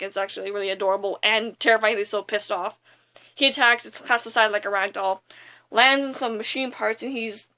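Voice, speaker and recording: A young woman casually retelling a movie's plot in a rambling, excitable way, with lots of fillers. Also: on the high side. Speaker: movie reviewer.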